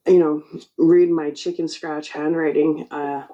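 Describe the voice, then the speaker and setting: A woman in her forties hosting her own channel, speaking in an emotional spiritual monologue, choked up and halting. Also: sits low, flat delivery, dark tone, muffled recording. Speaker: channel host.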